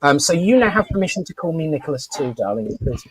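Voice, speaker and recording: A man's voice: on the high side, very animated, fast talker, slightly rough, no room sound. A man hosting a casual live-stream chat, rambling and talkative with lots of fillers and restarts. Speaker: host.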